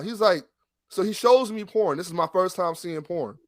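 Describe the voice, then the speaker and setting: Podcast co-host, male, lively rambling storyteller, somewhat high pitch, dry studio. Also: a little fast, no room sound. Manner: animated, profane, rambling with restarts. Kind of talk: casual storytelling chat.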